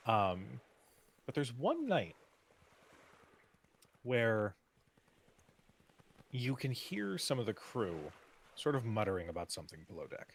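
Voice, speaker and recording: A man's voice: lowish voice, a bit bright. A man narrating as game master of a tabletop game, loose and laughing often.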